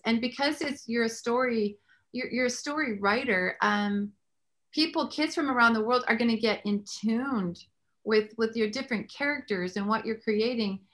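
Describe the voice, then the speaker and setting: High bright lady host, lively faith chat, tells stories with lots of feeling. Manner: animated storyteller, prays aloud. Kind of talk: faith talk show interview.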